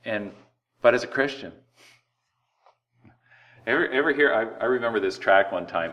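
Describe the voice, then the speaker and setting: A man preaching a sermon, lively and conversational, drawing words out for emphasis and acting out everyday voices. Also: mid-range voice. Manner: animated preaching, slows words for emphasis and acts out quoted voices. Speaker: pastor.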